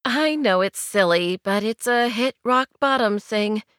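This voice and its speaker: A woman's voice: on the high side, unhurried, a bit bright, clear, resonant tone, dry recording, clean studio sound, voice pushed up. A woman voicing a sheepish, hopeful stranger. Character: lonely woman wishing at a fountain, hopeful.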